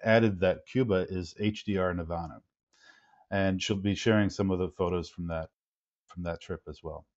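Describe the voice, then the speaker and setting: A man hosting a webinar, reading a formal, measured introduction of a guest. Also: sits low, steady tone, darkish tone. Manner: measured, formal, some ums. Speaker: webinar host. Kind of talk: read-out introduction. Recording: dull lo-fi webinar audio.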